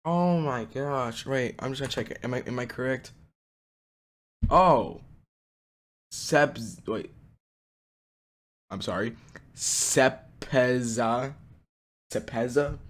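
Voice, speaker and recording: A young man reacting excitedly to a music game, with gasps and frequent exclamations. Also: medium pitch, slow pace, pauses often. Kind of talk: casual reaction commentary. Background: game music playing.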